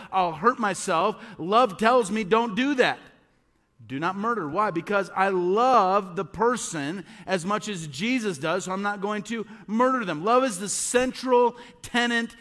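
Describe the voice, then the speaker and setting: Pastor, male, high tenor, earnest sermon delivery with repeated emphasis, echoing hall sound. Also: a bit bright.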